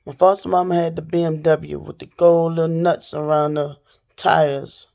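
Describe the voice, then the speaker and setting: A woman's voice: sits low, normal speed, vocal fry. A woman telling a story and ranting straight to her viewers in a casual vlog. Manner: animated, talks straight to viewers. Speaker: vlogger. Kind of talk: casual storytime rant to camera.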